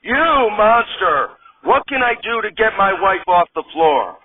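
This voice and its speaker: Man playing an indignant suburban husband, slow talk, tinny phone-like audio. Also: high-pitched, sing-song, slight background noise, pitched above the performer's own voice. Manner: indignant, then drawn-out and dazed. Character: exasperated suburban husband, male, adult.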